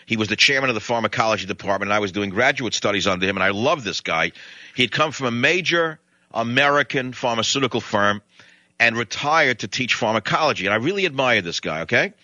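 A man's voice: mid-range voice, animated, fast, sharp tone, no room sound, muffled recording. An older man with a New York accent, giving a blunt, rambling talk radio monologue. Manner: blunt, ranting, digressive.

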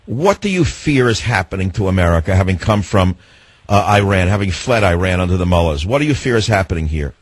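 Male talk radio host, husky and dry, sarcastic and lecturing toward callers. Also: deep voice, big pitch swings, a little fast, no room sound. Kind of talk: talk radio taking calls.

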